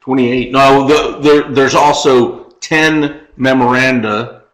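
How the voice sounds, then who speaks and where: A podcast co-host chats casually, rambling through a story and laughing at his own jokes. His medium-pitched voice is steady and fairly bright, and he takes his time. The recording is reverberant and low in quality.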